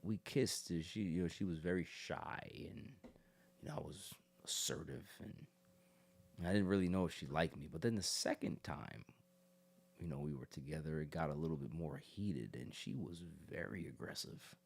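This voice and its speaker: A man voicing a young college man who quietly confides about a girlfriend, speaking low and hushed. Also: moderate pace, creaky, exaggerated voice. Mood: confiding.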